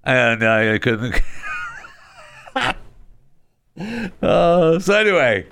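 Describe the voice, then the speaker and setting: A man's voice: medium pitch, big pitch swings, extremely slow, vocal fry, fairly bright tone, a little hiss or hum. A man hosting a talk show, delivering a casual monologue with chatty, opinionated asides and wry humor. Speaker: radio show host.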